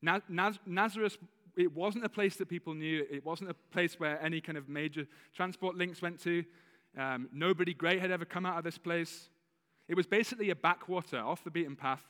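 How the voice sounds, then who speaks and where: A man's voice: fairly high pitch, a little fast, a bit bright, in a large hall. A male pastor giving a conversational sermon with a slight lisp, often correcting himself mid-sentence. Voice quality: slight lisp on some words. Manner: conversational, with self-corrections and laughs. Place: church.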